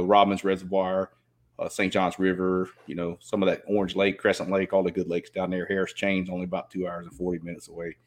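A man, rambling casually as a podcast guest and filling his talk with "you know". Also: sits low. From Southeast Georgia. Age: 50s. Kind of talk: casual chat.

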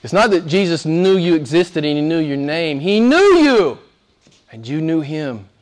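A man preaching a sermon with passion, shifting from loud, ringing declarations to hushed whispers. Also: a little high, moderate pace. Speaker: pastor.

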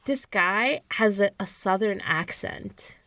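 A woman co-hosting a podcast, recapping a book in casual chat with sarcastic, animated asides. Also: medium pitch, takes it slowly, no room sound. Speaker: podcast co-host.

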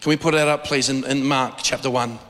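A middle-aged man from Australia with an Australian accent, preaching an animated sermon and often repeating words. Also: a little fast. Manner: animated preaching, repeats words, rises high when excited. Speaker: pastor. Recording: long hall reverb.

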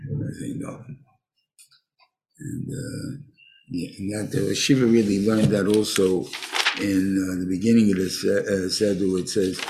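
An older man teaching a Torah class in a halting way, often restarting and mixing in Hebrew terms. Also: sits low, gravelly, a little mellow. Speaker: rabbi teaching a weekly class.

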